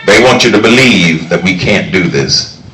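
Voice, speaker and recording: A political candidate speaking at an outdoor campaign rally, emphatic and rousing, shouting his key lines. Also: low-pitched, expressive, moderate pace. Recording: echoey, distant mic, crowd noise. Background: crowd ambience.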